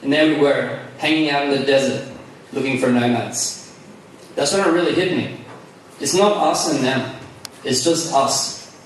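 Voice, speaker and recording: A man's voice: mid-range voice, measured pace, pauses often, slight background noise. An Australian man giving a chatty, enthusiastic live talk at a conference, joking about himself as he goes. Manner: chatty, self-deprecating, enthusiastic. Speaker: speaker. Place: large hall. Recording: echoey hall, mic from far off.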